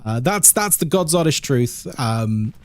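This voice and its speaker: A man's voice: mid-range voice, animated, measured pace. A man from England chatting casually on a live game stream, reading out chat and laughing often.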